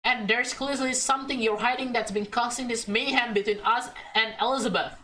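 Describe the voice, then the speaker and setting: A woman's voice: on the high side, steady tone, brisk, sharp tone, poor audio. A woman voicing a hurt, reproachful young woman who is pulling away from her friend.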